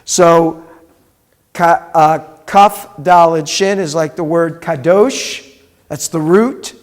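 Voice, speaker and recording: A man with a fairly high voice leads a Hebrew class at an unhurried pace. He is a rabbi who drills vocabulary and walks students through pronunciation one step at a time. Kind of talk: classroom teaching.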